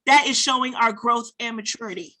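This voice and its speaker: A woman's voice: a little high, fairly even intonation, a little fast, pushed and bright. A woman from the northern United States hosting a show, bantering playfully and laughing often. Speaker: show host. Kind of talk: casual chat.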